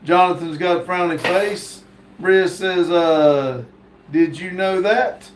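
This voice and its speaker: A man's voice: high voice, slow pace. A man hosting a live stream, reading viewer comments aloud and stopping often on fillers. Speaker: livestream host. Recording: echoey room.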